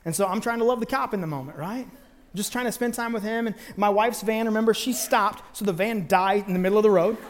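A man telling a long personal story in a sermon, animated, acting out the people he quotes. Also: sits high, fast talker, long reverb tail.

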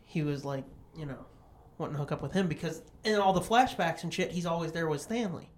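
A woman's voice: low voice, fairly quick. A woman co-hosting a podcast in casual chat, a profane storyteller who acts out every quote. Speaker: podcast co-host.

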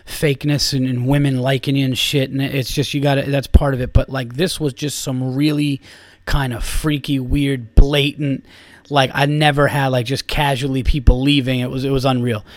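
In a casual storytelling bit, a male comedian and podcast host rambles on profanely, leaning heavily on fillers. His mid-range voice holds a level tone at a moderate pace, and the sound is echo-free.

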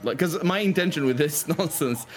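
A man's voice: a little high, moderate pace, slight background noise. A man playing a tabletop role-playing game, laughing often and correcting himself. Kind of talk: casual game play.

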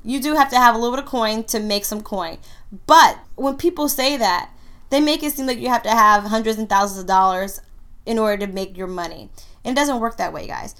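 Woman podcast host, casual and emphatic, fairly high voice, repeats her points for effect. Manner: animated, emphatic, repeats points and says "y'all" often. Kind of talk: casual solo podcast talk.

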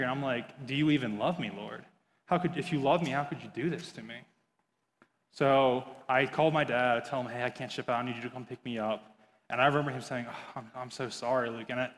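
A man's voice: mid-range voice, fairly bright tone. A young man in his twenties, sharing an earnest personal testimony with candid, hesitant storytelling. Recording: long hall reverb.

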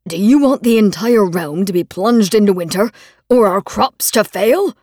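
A woman's voice: mid-range voice, expressive, measured pace, darkish tone, slightly rough, dry recording, clean studio sound. A woman reading an audiobook, voicing a middle-aged royal father who is kind but yielding, firm at first and then apologetic. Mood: insistent. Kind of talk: audiobook character voice.

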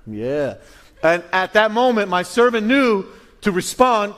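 A middle-aged male pastor preaching a sermon, animated and storytelling, acting out little voices with many restarts. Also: high voice, moderate pace.

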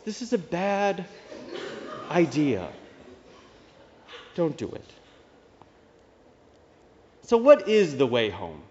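A man's voice: a little high, huge pitch swings, drawn-out words, long pauses, darkish tone, slight background noise. A man, a Dominican priest, giving a homily in a casual, conversational way with wry asides. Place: church. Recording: dull reverberant church recording.

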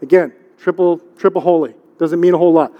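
A middle-aged man preaches in a casual, conversational way, leaning on repetition and questions to the congregation. His voice sits high for a man. The sound carries a long hall echo from the church. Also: fairly even intonation, fast, highs cut off. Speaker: pastor. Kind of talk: sermon. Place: church sanctuary.

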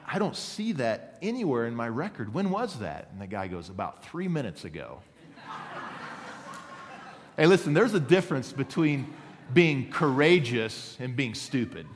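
A man, a pastor, preaching a sermon, telling stories and acting out quotes, and asking the congregation for an amen. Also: medium pitch. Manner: storytelling with acted quotes, asks for an amen. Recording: long hall reverb.

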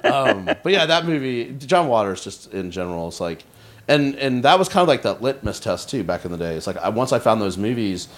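A man's voice: mid-range voice, big pitch swings, fairly quick. A man in his forties, a comedian guest, telling stories in casual podcast chat, rambling with lots of fillers and restarts. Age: 40s. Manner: rambling, filler-heavy storytelling.

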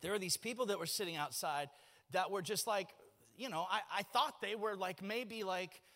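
A man's voice: high-pitched, normal speed. A man, preaching a folksy, joking sermon in a church. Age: 40s. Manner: folksy, joking, animated storytelling. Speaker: pastor. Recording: long reverb of a church hall.

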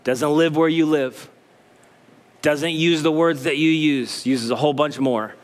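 Heard in a long hall reverb, this man's sermon has him animatedly mimicking confused listeners as pastor. He then settles into a slow, low delivery for emphasis.

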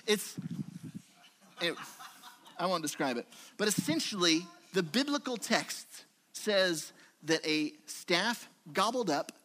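Man, pastor, church sermon, slightly high, bright tone, chatty storytelling. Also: slow pace. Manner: conversational, animated storytelling with acted-out quotes.

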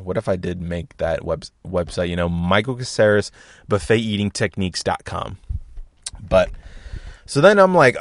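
Profane, animated young man telling a story. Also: dry recording. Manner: animated, profane, repeats sound effects like boom and bang. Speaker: podcast host. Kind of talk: casual comedic storytelling.

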